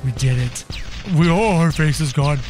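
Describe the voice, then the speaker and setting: A man giving excitable gameplay commentary to viewers, yelping and shrieking when startled. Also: fairly high pitch, moderate pace, soft background music. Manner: excitable, yelps and shrieks in fright, talks to viewers. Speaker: gaming channel host.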